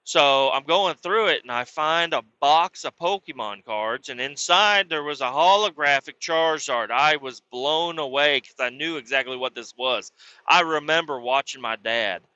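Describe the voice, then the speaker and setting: Bright, crude-talking male storyteller. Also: on the high side, moderate pace, no echo, lo-fi sound. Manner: crude, rambling, animated swearing. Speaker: podcast host. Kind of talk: profane comedic storytelling.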